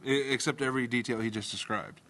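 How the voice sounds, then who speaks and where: A man's voice: mid-range voice, steady tone, fast, pushed and bright. Dry, hesitant man chatting. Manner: dry, hesitant, many uh fillers. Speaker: podcast co-host. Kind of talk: casual chat.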